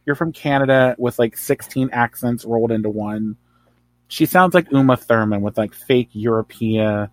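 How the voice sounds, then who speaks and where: A man's voice: mid-range voice, moderate pace, dry recording. Opinionated man in dry casual chat. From New Jersey. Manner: opinionated, animated, rambling asides. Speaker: podcast guest.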